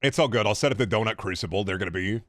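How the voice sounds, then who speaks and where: A man's voice: fairly low pitch, racing, a bit bright, no echo, studio quality. A young man streaming a game, riffing in a profane, sarcastic way in casual chatter.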